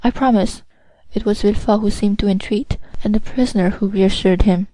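A woman narrates an audiobook in a steady, measured way. Her voice is mellow and warm, recorded dry and close. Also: mid-range voice, no room sound, low-quality recording.

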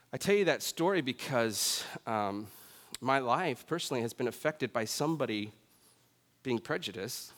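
In a relaxed, conversational sermon built around a personal story, a medium-pitched male pastor pokes fun at himself and keeps checking in with "right?". A large hall's long reverb surrounds his voice.

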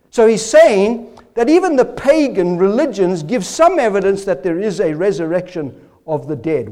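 A man's voice: high-pitched, darkish tone. A man preaching a sermon, driving his points with rhetorical questions and emphatic rises and drops in his voice. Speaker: pastor.

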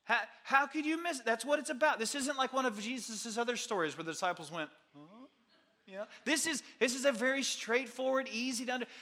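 A man's voice: very high-pitched, bright, forceful tone. A man preaching a sermon, reading scripture and then questioning the congregation with rising energy. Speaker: pastor.

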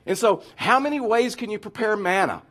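Animated man preaching a sermon. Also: high-pitched, fairly quick. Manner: animated, acts out whiny complaining voices. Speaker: pastor.

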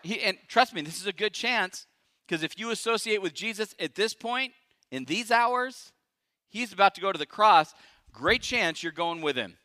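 A male pastor preaching a sermon, emphatic and dramatic, swinging from loud declarations to hushed asides. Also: high-pitched, moderate pace, dry recording, studio quality.

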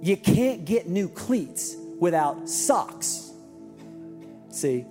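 A man's voice: high voice, extremely slow. A man preaching a sermon as pastor in a church, telling stories and asking rhetorical questions. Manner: storytelling, rhetorical questions, lively delivery. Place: church auditorium. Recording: reverberant hall with music behind.

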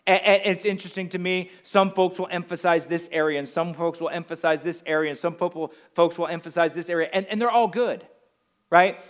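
A man with a high, light voice preaches a sermon in a New Jersey accent. He drives his points home with repeated rhetorical questions, leaning hard on key phrases. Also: fairly even intonation, brisk. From Northeastern US. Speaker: pastor.

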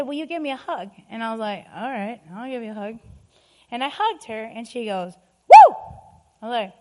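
High-voiced woman preaching a lively sermon. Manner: storytelling, emphatic, laughs often. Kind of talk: sermon with personal testimony.

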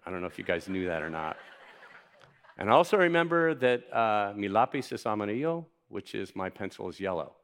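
A man's voice: deep voice, sing-song, brisk, fairly bright tone. A man preaching a sermon in a conversational, playful way, putting questions to the congregation. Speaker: pastor.

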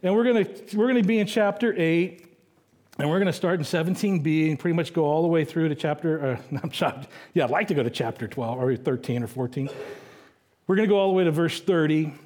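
A middle-aged male pastor giving a conversational sermon, slowing down to read scripture aloud. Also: on the high side, darkish tone. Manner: conversational preaching, reads scripture slowly.

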